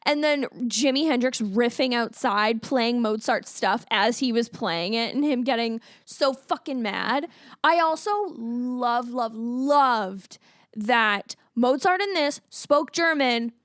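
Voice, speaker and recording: A woman talks through a movie on a casual review podcast. Her voice sits a little high, and she acts out her reactions in quoted asides, swearing freely. The sound is dry and close, with no room around it. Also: slow pace, dry recording. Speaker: podcast co-host.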